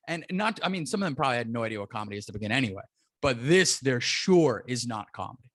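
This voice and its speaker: A man's voice: mid-range voice, lively intonation, fast talker, no echo, clean studio sound. A man telling a story in a casual podcast chat, acting out the people he quotes. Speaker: comedian guest.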